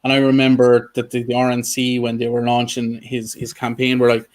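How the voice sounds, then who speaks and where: A man hosting a casual interview over a video call. He speaks earnestly, often restarting his sentences and filling pauses with "um". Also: mid-range voice, completely flat delivery. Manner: many ums and restarts, earnest. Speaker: host.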